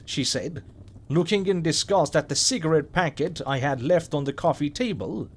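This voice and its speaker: A man narrating a scripted horror story in a measured, wry way. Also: a little high, husky.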